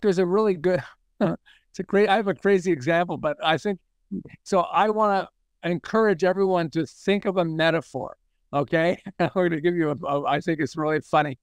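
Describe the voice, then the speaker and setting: A man with a high, clear, smooth voice, speaking as a podcast guest. He tells his stories with energy, acts out the voices of the people in them, and laughs as he goes. The recording is dry, with no room sound. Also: no room sound. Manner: animated storyteller, acts out quoted dialogue, laughs often. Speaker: marketing expert guest. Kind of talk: podcast interview storytelling.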